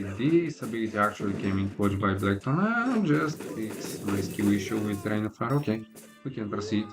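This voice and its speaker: Low-voiced laid-back male streamer. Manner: laid-back, opinionated, many "like" and "I mean" fillers. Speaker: gaming livestreamer. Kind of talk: casual livestream commentary while playing.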